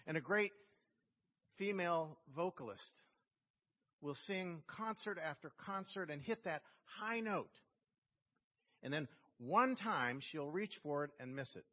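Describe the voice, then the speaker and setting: A male pastor giving a sermon, telling a story with slow, emphatic phrasing. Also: fairly high pitch, lively intonation. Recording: long reverb in a church hall, dull lo-fi sound.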